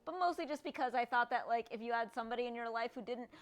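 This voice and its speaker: A woman with a fairly high voice chats live with her stream audience. She rambles in a playful, loose way, dropping casual swears as she goes. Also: fast. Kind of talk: live stream chat with viewers.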